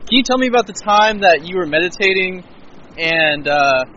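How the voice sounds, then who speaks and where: A man's voice: high voice, animated, normal speed, bright, forceful tone, dull audio. A man casually interviewing someone outdoors, hesitant and full of "uh". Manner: hesitant, many "uh" fillers.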